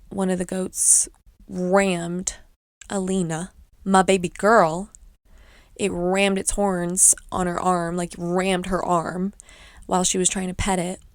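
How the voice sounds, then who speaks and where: A woman's voice: medium pitch, no room sound. A young woman hosting a podcast, rambling through a chatty story in a casual way. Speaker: podcast host. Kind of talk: casual chat.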